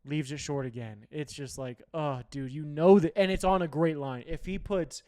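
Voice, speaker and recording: Heated, profane sports host. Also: male voice, fairly high pitch, moderate pace. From United States. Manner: heated, profane, loud outbursts. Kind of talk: ranting sports talk.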